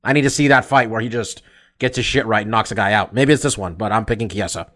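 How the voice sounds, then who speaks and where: A man's voice: fairly low pitch, quick pace, fairly bright tone. Blunt, profane man hosting a chat. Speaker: podcast host. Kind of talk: casual sports chat.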